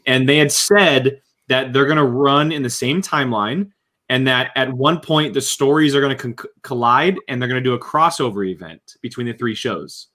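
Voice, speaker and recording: Male host, casual film chat, eager and quick. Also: medium pitch, sharp tone. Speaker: podcast host.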